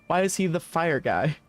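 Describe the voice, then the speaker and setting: A man's voice: a little high, slight background noise. A man co-hosting a podcast, chatting casually, laughing often and reading game text aloud. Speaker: podcast co-host playing a game. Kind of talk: casual let's-play chat.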